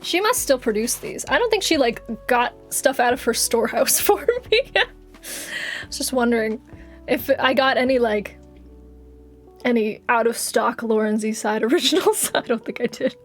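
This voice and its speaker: A woman's voice: fairly high pitch, animated, normal speed. A young woman streamer chatting casually on a live stream, giggling often and swearing offhandedly, with music faintly behind. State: has covid.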